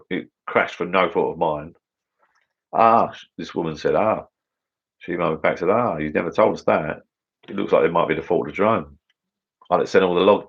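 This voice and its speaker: Low-voiced chatty English man. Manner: chatty, rambling, matey. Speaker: livestream host. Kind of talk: casual live chat reading viewer comments. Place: garden bar shed. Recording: dull lo-fi livestream audio.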